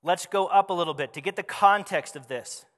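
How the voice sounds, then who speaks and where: High, bright-voiced preacher man in a hall. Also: brisk. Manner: animated, conversational preaching with rhetorical questions. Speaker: pastor. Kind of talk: sermon.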